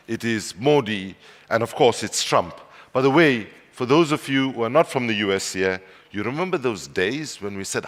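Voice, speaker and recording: Man from South Africa, conference speech, wry storytelling, mid-pitched voice, long hall echo. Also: fairly bright tone. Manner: storytelling, wry humor, rising to emphatic passion. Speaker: speaker.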